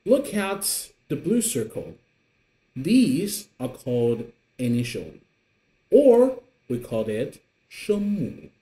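A man's voice: sing-song, mellow. A man teaching a beginner Mandarin lesson in English, patient and encouraging, showing the tones with his voice. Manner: slow, patient, pitch swinging up and down to show tones. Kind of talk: online language lesson. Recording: echoey room.

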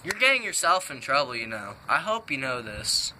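A man's voice: mid-range voice, big pitch swings, moderate pace. A young man vlogging in an exasperated, swearing rant, saying dude a lot, his voice cracking. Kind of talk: casual vlog rant. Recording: noisy home-made recording.

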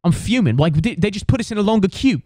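A man's voice: high voice, lively intonation, quick pace, mellow, no echo, studio quality, pitched above the performer's own voice. A man putting on a fuming British bloke. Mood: fuming rant. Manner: ranting, profane, repeats himself. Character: furious young British man in queue.

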